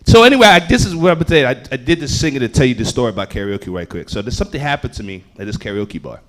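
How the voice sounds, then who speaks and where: A man telling a story on a comedy club stage, swinging between loud bursts and low asides. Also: lively intonation, rapid-fire. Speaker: stand-up comedian. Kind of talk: stand-up storytelling.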